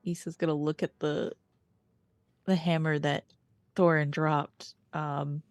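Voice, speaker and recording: A woman playing a tabletop game, soft-spoken as she describes her character's actions. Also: deep voice, level tone, slow, no room sound. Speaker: player. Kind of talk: tabletop role-play.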